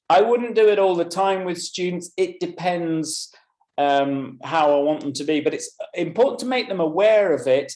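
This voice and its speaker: A man's voice: a little high, darkish tone, roomy sound. A man presenting a teaching webinar, explaining at length and addressing attendees by name. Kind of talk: webinar lecture.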